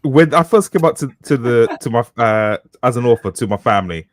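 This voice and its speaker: Male podcast co-host from the UK, 30s, animated swearing storyteller, dry close mic. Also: medium pitch, a little fast, no echo. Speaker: co-host, author. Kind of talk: casual podcast chat.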